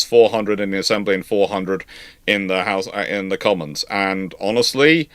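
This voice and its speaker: A man's voice: on the low side, a bit bright, dry recording. A man hosting a live question-and-answer stream, explaining at length in a rambling way with frequent restarts. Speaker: host. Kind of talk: live viewer Q&A.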